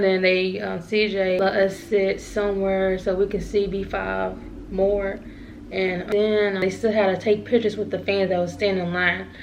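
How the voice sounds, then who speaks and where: A young woman vlogger with a mid-range voice tells a casual storytime. She rambles, repeats herself and now and then laughs at herself.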